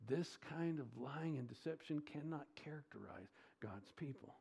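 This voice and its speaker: Male pastor, sermon delivery; emphatic, questions the congregation, slightly high pitch. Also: expressive, gravelly, slightly rough. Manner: swings between loud and low, drawn-out stresses.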